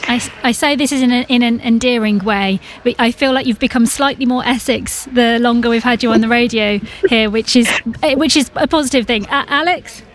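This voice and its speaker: A woman hosting a radio news programme, briskly steering a discussion and introducing the next segment. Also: a little high. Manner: brisk, friendly, moves the talk along.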